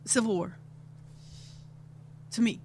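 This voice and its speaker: A woman's voice: slow, a little mellow, a little hiss or hum. A woman with a New York accent, a podcast guest in casual banter, brash, teasing and crude.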